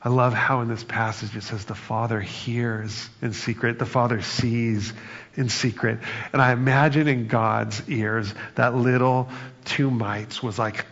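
A man's voice: mid-range voice, steady tone, a little slow, fairly bright tone. Man preaching, conversational and playful, long hall reverb, slightly dull sound. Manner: conversational, acts out quoted lines with bursts of humor. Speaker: pastor. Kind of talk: sermon.

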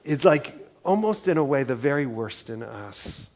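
A man's voice: mid-range voice, sing-song, moderate pace, darkish tone, highs cut off. A man preaching a sermon, earnest and conversational, often dropping in "like" and "right?" as he talks. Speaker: pastor.

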